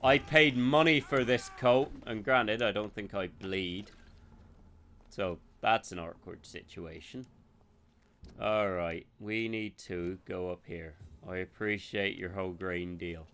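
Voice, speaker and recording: A man's voice: sits low, fairly even intonation, slow pace, a bit bright, clear, resonant tone. A man streaming a video game, rambling, joking and swearing freely as he plays. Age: adult. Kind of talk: live gameplay commentary.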